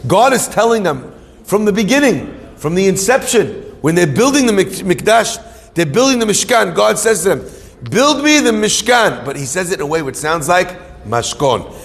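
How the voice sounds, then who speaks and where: A middle-aged man, a rabbi, giving an animated sermon to a live audience. He tells stories, asks and answers his own questions, and mixes in Hebrew terms. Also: high-pitched, moderate pace, vocal fry. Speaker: rabbi teaching Torah. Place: hall with an audience. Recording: long reverb of a hall.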